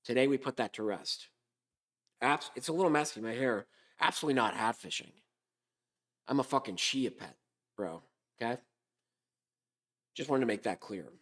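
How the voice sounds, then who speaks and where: Hoarse sarcastic male podcast host. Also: medium pitch, moderate pace, pauses often. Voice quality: hoarse, smoker-like. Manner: sarcastic, deadpan, rambling. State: sore throat. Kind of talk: comedic monologue.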